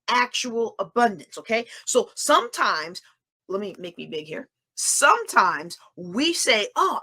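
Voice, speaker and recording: A woman's voice: fairly high pitch, bright, forceful tone. A middle-aged woman teaching a faith-based lesson, emphatic and repeating phrases for stress. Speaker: Bible study teacher.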